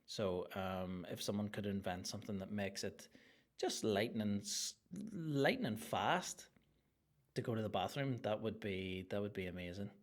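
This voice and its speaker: A man hosting a solo comedy podcast, ranting in a crude, rambling and excitable way. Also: on the low side, measured pace. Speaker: podcast host.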